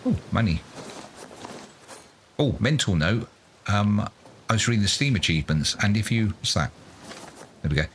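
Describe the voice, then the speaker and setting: A man's voice: lowish voice, very animated, moderate pace, pauses often, a bit bright, a little hiss or hum. A man doing let's play commentary, muttering to himself in a self-mocking, exasperated way. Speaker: gaming YouTuber.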